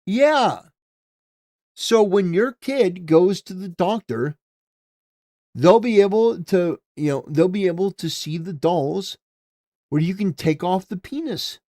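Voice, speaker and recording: A man hosts a political commentary livestream, talking casually and rambling, stammering into restarts, and swinging from mumbles to emphatic bursts. His high-pitched voice is warm and measured, captured in a dry, studio-quality recording.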